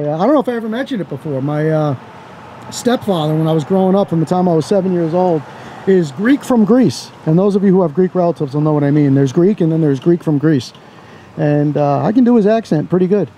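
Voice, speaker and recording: A man's voice: sits high, dark tone, a little hiss or hum. A man filming outdoors as a First Amendment auditor, giving blunt, sarcastic, casual commentary to his camera with some swearing. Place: outdoors by a parking lot.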